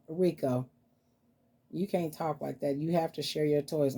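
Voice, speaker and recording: Low, mellow-voiced woman vlogger. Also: steady tone, measured pace, husky. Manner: chatty, cooing to her dolls. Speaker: vlogger showing reborn dolls. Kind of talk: casual vlog chat.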